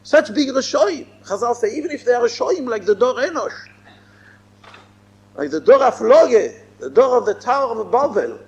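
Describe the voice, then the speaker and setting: A man's voice: very high voice, sing-song, moderate pace, vocal fry, muffled recording. A man giving a Torah lecture as a rabbi, emphatic and repeating his phrases. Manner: emphatic, repeats phrases, mixes in Hebrew and Yiddish terms.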